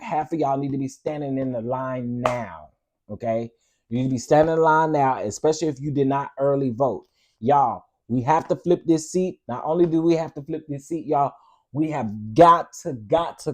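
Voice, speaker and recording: A man, hosting a casual live stream, chatting with his viewers in an animated, preachy way. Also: mid-range voice. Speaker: host.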